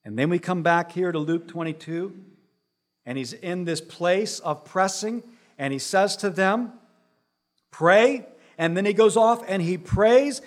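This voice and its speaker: A pastor preaches a sermon, dropping to a hushed, low voice before building to loud, rising emphasis. He stacks repeated phrases for effect.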